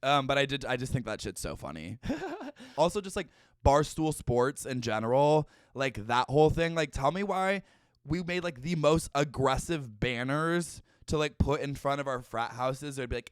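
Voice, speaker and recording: A young man hosts a comedic podcast in a loose, gossipy way, tossing out sarcastic and profane asides. His voice is smooth and resonant, and the sound is close and dry. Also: mid-range voice, normal speed, dry recording. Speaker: podcast host. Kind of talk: casual comedic chat.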